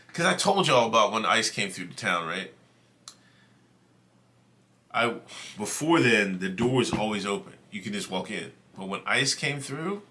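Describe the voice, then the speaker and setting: This is a livestream host with a lowish voice and a bright, forceful tone. He tells a casual story to his chat, loose and profane.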